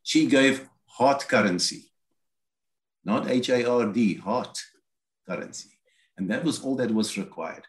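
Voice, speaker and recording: A man with a medium-pitched voice preaches a sermon at a slightly slow pace, explaining scripture. He voices quoted lines as acted asides, and the recording has a roomy echo.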